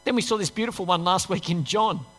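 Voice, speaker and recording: A man's voice: high-pitched, quick pace, a bit bright. A man preaching a conversational sermon, asking rhetorical questions and acting out people's inner voices. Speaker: pastor. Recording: long hall reverb.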